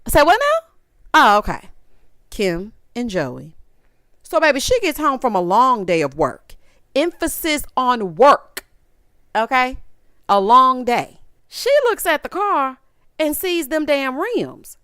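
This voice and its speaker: Sassy woman dishing on reality tv, smooth clear voice, dry close sound. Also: high voice, very animated, slow pace, a bit bright, no echo. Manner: sassy, exasperated, quotes people in voices. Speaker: reality TV recap host. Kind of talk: casual commentary recap.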